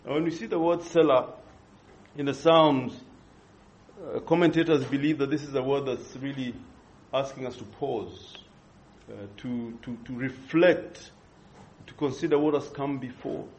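A man preaching an expository sermon, earnest and measured, pausing and restarting as he thinks. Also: mid-range voice, steady tone, a little hiss or hum. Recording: dull lo-fi recording.

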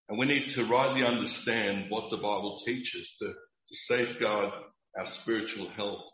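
A man preaching a sermon in an earnest, emphatic and measured way, with occasional restarts. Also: lowish voice, a bit bright, echoey room, highs cut off. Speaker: pastor.

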